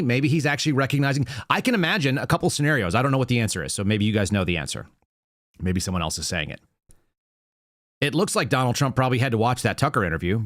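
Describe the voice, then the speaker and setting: A man's voice: mid-range voice, fairly bright tone, no echo, clean studio sound. A man hosting a political commentary show, sarcastic and heated, reading quotes aloud with emphasis. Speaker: show host.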